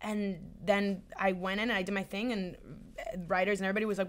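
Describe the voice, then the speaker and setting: Young woman, actress, animated storytelling, emotional, mid pitch. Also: fast. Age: 20s. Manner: animated, emotional, acts out quoted voices. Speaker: actress guest. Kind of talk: candid storytelling interview.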